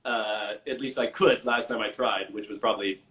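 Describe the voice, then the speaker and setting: A man, an actor and improviser, chatting as a guest over a video call, relaxed with many fillers. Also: lowish voice, normal speed, low-quality recording. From Canada. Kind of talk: casual chat.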